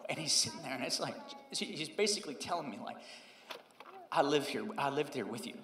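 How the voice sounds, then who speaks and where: A man in his thirties, a pastor preaching a sermon and telling a personal story, moving between loud emphasis and hushed, quoted prayer. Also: mid-range voice, lively intonation, fairly quick, noisy background. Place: church sanctuary. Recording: roomy hall reverb.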